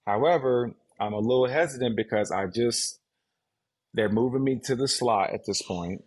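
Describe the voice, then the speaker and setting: Male guest, 30s, husky, lively raconteur who acts out what others said. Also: mid-range voice, moderate pace. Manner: animated, mimics others' voices in his stories. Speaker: podcast guest, retired football player. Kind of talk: casual storytelling.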